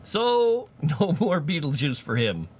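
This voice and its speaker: A man chatting casually with his live-stream audience while writing fantasy lore, animated and quick to laugh. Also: on the high side, slightly rough. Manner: animated, chatty, laughs often, talks to chat.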